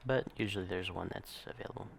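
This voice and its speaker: A man casually narrating a gameplay walkthrough in a relaxed, explanatory way, with frequent ums and uhs. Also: low-pitched, fast talker, vocal fry, slight background noise.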